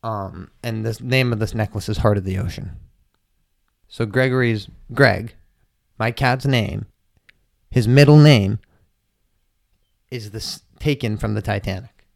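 A man's voice: on the low side, a little slow, creaky, long pauses, a little mellow, no echo, clean studio sound. A young man hosting his own podcast, telling loose, profane, jokey stories in a casual rambling monologue. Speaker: podcast host.

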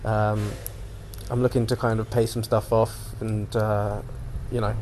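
A man's voice: lowish voice, level tone, unhurried, a little mellow, slight background noise. A young man hosting a casual solo podcast, rambling loosely between topics and swearing freely. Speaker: podcast host.

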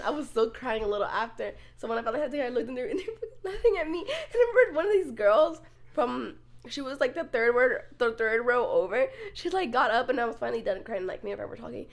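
High, lively young woman chatting. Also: fast. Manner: swearing, storytelling with lots of "like". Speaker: podcast co-host. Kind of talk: casual chat.

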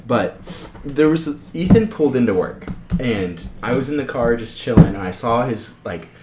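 A man's voice: medium pitch, normal speed. A young man casually telling work stories on a podcast, acting out the people he quotes. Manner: animated storyteller acting out quotes. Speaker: podcast co-host. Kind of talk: casual storytelling chat. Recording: echoey room with loud noise.

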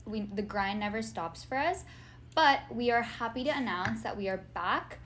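A woman's voice: a little high, expressive, moderate pace, fairly bright tone, slight background noise. A young woman co-hosting a casual podcast, joking along in a playful, dry sarcastic way. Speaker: podcast co-host.

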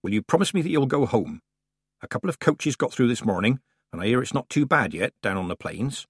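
A man's voice: mid-range voice, sing-song, brisk, husky, dry recording, studio quality. A man voicing a stern old witch woman. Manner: blunt, clipped, matter-of-fact. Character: stern elderly witch woman, dry and sharp-tongued. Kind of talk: audiobook character reading.

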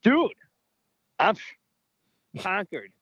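A man co-hosting a podcast, telling stories in an animated, excitable way and laughing often. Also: high voice, very slow, husky, no echo, low-quality recording. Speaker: podcast co-host. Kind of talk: casual chat.

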